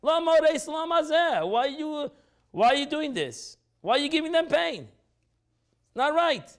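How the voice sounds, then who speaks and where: High-pitched, animated rabbi teaching a class. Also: male voice, measured pace. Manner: acts out quoted speech with pitch jumps, repeats phrases.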